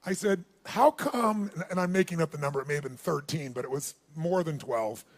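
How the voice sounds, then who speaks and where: Animated man telling stories onstage. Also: a little high, fast. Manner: animated storyteller, calls out questions to the crowd. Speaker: seminar speaker. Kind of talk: live seminar talk with storytelling.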